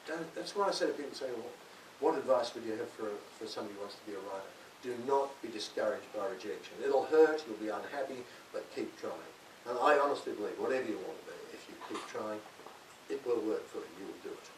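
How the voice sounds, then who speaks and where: An older man speaks to a library audience in a relaxed, joking way. He is picked up from far back in an echoey hall. A steady hiss runs under his voice. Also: fairly low pitch, quick pace. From Australia. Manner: chatty, self-mocking, laughs often. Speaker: author speaking at a library event. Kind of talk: talk to an audience.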